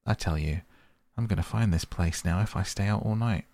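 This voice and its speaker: A man's voice: sits low, a little fast, darkish tone. A man voicing a hearty, kindly male water rat who talks with cheerful command.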